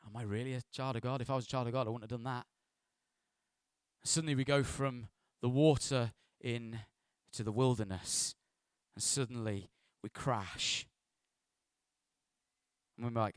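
A man preaching a sermon as pastor, animated, dropping to hushed asides and rising to loud, playful bursts. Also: medium pitch, moderate pace, clean tone, dry recording, clean studio sound.

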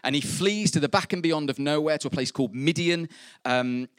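Scripture reading blends with jokes, asides and fillers as a man preaches a casual, self-interrupting sermon in church. His voice is on the high side and fairly quick, recorded in studio quality with no echo.

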